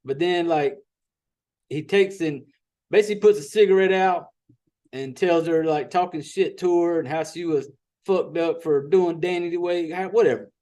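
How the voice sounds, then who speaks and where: High-voiced Southern man recapping a movie. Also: moderate pace, dark tone. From Southern United States. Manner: profane, rambling storyteller. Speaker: podcast host.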